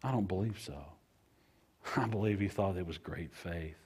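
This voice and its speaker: A man delivers a sermon in a husky, slightly low voice. He leans on repetition, building phrases up loudly and then letting them fall to a near hush. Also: moderate pace. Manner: preacher cadence, repetitive, swings from loud to hushed. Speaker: pastor.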